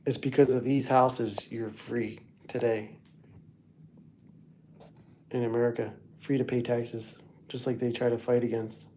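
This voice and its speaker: A man's voice: mid-range voice, level tone, measured pace, pauses often, dark tone, a little hiss or hum. A middle-aged man hosting a casual livestream, rambling through family photos and chatting to viewers by name. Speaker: livestream host.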